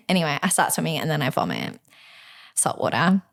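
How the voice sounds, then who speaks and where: A woman's voice: sits low, big pitch swings, moderate pace, creaky. A woman, co-hosting a podcast and telling a story in casual chat, laughing often. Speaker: podcast co-host.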